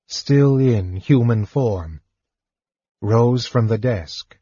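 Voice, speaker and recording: A man narrating an audiobook in an even, measured reading. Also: fairly low pitch, slightly rough, no room sound. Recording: dull, dry lo-fi recording.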